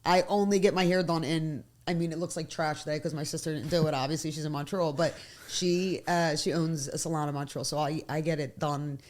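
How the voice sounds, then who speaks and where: A woman from South Philadelphia with a Philadelphia accent, a guest telling stories in casual interview chat, animated and swearing freely. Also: sits low, fairly quick. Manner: animated storyteller who swears freely and acts out quotes.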